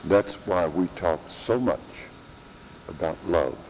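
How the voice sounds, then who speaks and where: A man preaching a sermon in a church, slow and emphatic, repeating phrases for stress. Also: low voice, animated, a little mellow, in a large hall, a little hiss or hum, poor audio.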